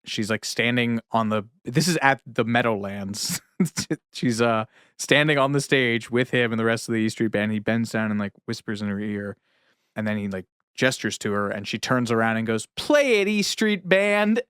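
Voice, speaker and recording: A man co-hosting a podcast, with a smooth, resonant voice and a relaxed, enthusiastic manner. He chuckles as he tells his stories. The recording is dry and close. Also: on the low side, normal speed, no echo. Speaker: podcast co-host. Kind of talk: casual chat.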